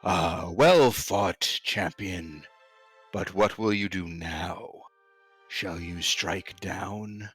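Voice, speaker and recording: A man's voice: low voice, a bit bright, husky, soft background music, heavily acted. Man voicing a pompous villain cat emperor. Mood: menacing. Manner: slow, drawn-out theatrical delivery.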